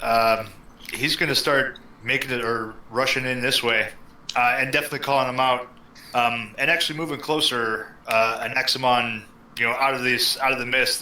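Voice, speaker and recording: A man's voice: mid-range voice, pushed and bright, a little hiss or hum. A man describing his character in a tabletop game, rambling with many fillers. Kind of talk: casual game narration. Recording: echoey room.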